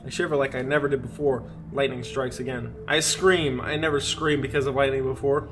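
A man's voice: mid-range voice, little pitch movement, fairly quick. A man co-hosting a podcast, reading a creepy story aloud and breaking off to laugh and joke. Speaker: podcast co-host.

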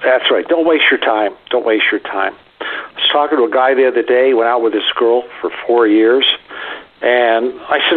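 A man's voice: mid-range voice, normal speed. A man giving blunt dating advice on the radio, wisecracking and acting out bits of dialogue. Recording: tinny phone line.

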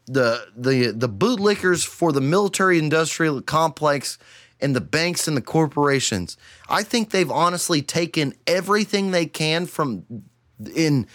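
A young man from Texas hosting a solo podcast, ranting with heavy swearing and then sinking into a tired, low murmur. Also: fairly bright tone. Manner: profane, heated ranting that cools to a weary murmur. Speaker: podcast host.

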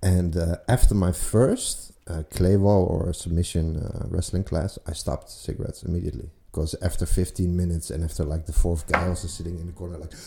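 A man's voice: deep voice, fairly even intonation, brisk, vocal fry, hardly any pauses, warm tone. A man in his forties, a guest telling stories casually and rambling with many fillers and restarts. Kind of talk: casual storytelling.

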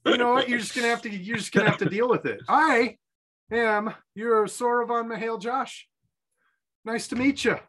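A man's voice: extremely high pitch, fairly even intonation, normal speed, fairly bright tone. A man co-hosting a podcast, casual chat with playful, jokey delivery and a host-read ad.

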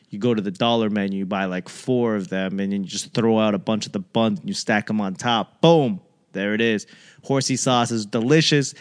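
Male host, casual comic rant, rambling and profane, acts out quoted voices. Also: mid-range voice.

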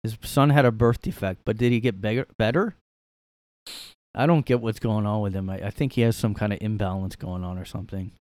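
A man's voice: fairly low pitch, a little fast, darkish tone, dry recording. A man hosting a casual solo podcast from his room, ranting sarcastically and rambling through his opinions. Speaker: podcast host.

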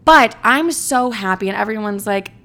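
A woman's voice: medium pitch, moderate pace. A young woman vlogger telling a story in a casual, dramatic way, swearing freely and joking at her own expense. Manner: animated, dramatic, swears freely, mocks herself.

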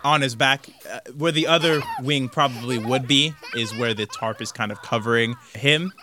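A man's voice: medium pitch, normal speed, noisy background. A man narrating a tabletop role-playing game as game master, describing the scene conversationally and loosely. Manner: descriptive, conversational, with frequent "like" and "kind of".

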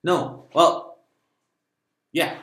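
A man co-hosting a casual podcast, joking and swearing in a loose, animated way. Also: drawn-out words. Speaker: podcast co-host. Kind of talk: casual chat. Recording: echoey room with faint noise.

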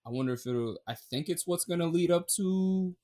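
Dude on a podcast ranting about anime, swearing a lot, gets loud then mumbles. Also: male voice, on the high side, normal speed. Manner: animated, profane, swings between loud and mumbled. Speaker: podcast co-host. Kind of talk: casual podcast chat.

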